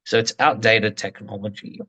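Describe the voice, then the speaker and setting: A man's voice: lowish voice, steady tone, normal speed, sharp tone. A man in casual podcast chat, talking in an indignant and emphatic way.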